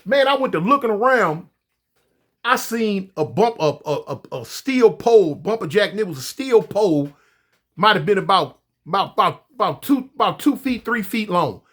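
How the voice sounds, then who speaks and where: A man telling a story casually, animated and profane, often stammering and repeating himself. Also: high voice, moderate pace.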